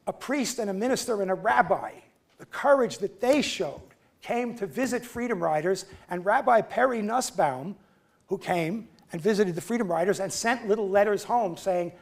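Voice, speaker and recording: A man in his seventies giving a lecture, telling personal stories conversationally with halting restarts. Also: high voice. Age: 70s. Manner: conversational, halting restarts, acts out quoted voices. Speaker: guest lecturer. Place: lecture hall.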